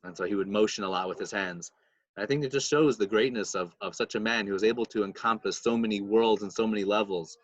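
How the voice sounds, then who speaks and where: Low-voiced man telling stories. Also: quick pace, no echo, dull audio. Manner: retells stories mixing in Hebrew and Yiddish terms. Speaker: podcast co-host. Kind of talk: casual storytelling chat.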